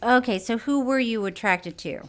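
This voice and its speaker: A woman's voice: a little high, normal speed. A woman co-hosting a podcast in casual chat, giggly and gushing. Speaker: podcast co-host.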